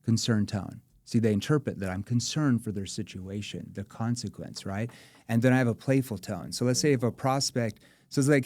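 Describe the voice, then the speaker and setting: Man, sales trainer type, lively and demonstrative, mid pitch, dry close-miked sound. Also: normal speed, no room sound. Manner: demonstrative, acts out tones of voice. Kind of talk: animated instructional chat.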